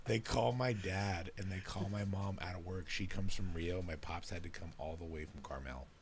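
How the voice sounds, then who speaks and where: A man's voice: sits low, moderate pace, a little hiss or hum. A man hosting a podcast, telling a story in casual chat with heavy profanity. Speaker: podcast host.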